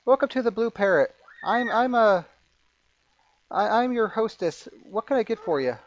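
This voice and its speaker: A man's voice: sits high, expressive, normal speed, no room sound, voice pushed up. A man voicing a nervous young barmaid who stammers while greeting guests. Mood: flustered. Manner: stammering, eager to please. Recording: muffled lo-fi audio.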